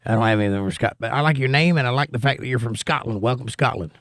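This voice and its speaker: A man's voice: medium pitch, racing, a bit bright, no echo, clean studio sound. A man hosting a political livestream from the United States, reading chat comments aloud and answering them in an argumentative, sarcastic way.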